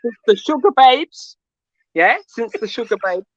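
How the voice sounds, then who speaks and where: A male caller ranting about football, loud and animated, who keeps asking "yeah?" between points. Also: very high-pitched, measured pace, no echo, highs cut off. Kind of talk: call-in football rant.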